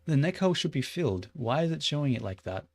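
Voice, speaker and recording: A man's voice: on the high side, sing-song, fast, gravelly, darkish tone. Man muttering casually while working. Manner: muttering to himself, swears, puzzled asides. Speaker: 3D modeling streamer.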